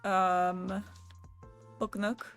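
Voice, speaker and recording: A young adult woman livestreams, chatting loosely with her audience while laughing and swearing a little. She speaks extremely slowly in a level, mid-range voice, with faint music in the background.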